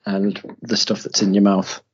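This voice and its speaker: A man co-hosting a podcast, chatting casually in a relaxed way. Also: fairly low pitch, moderate pace, slightly rough. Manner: relaxed, short replies. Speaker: podcast co-host. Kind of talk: casual chat. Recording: dull lo-fi, faint music.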